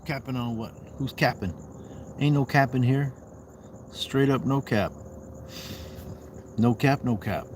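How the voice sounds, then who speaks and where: This man's mid-range, darkish voice moves slowly with long pauses over slight background noise. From the Southwest US, he's hosting a casual livestream while walking outdoors, reading comments aloud and tossing back playful asides.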